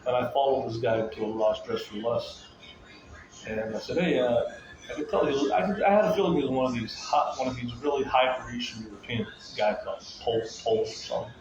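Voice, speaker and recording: This agitated man talks casually to his viewers in a repetitive, rambling rant, returning to the same phrases over and over. His voice is mid-range and brisk, crowd noise can be heard, and the sound is echoey and muffled amid loud room ambience.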